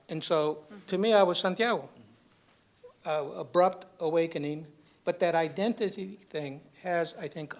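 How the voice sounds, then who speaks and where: A man on a symposium panel telling a humorous personal story, often tagging lines with "okay?". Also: fairly high pitch. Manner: humorous anecdotal delivery with frequent "okay?" tags. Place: university symposium hall.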